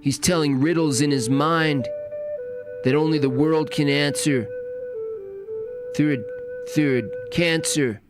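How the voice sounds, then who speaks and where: A man putting on a slow dreamy preachy hippie. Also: a little high, over music. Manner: slow, drawn-out mocking delivery.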